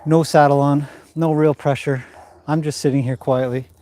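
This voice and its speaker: Here a man livestreams from an indoor arena while working with a horse, calmly addressing the animal one moment and his audience the next. He has a fairly high voice and a moderate pace.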